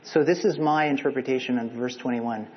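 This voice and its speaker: Conversational preacher in an echoey hall. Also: male voice, medium pitch, fairly quick, muffled recording. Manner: conversational, asks the listeners questions. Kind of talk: sermon.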